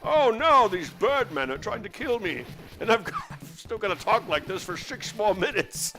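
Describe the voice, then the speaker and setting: A man's voice: high-pitched, big pitch swings, normal speed, music in the background, low-quality recording. A man putting on a drawling impression of an elderly professor father with a slurred, lispy S, rambling while playing a game. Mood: mock-dramatic. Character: gruff elderly Scottish professor father, lecturing. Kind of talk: comedic impression during a game stream.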